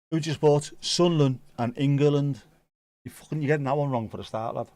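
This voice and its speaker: A man's voice: on the high side, a little fast, mellow. A man casually commenting on a football match for a live watchalong, joking and reading out viewer comments. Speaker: watchalong host.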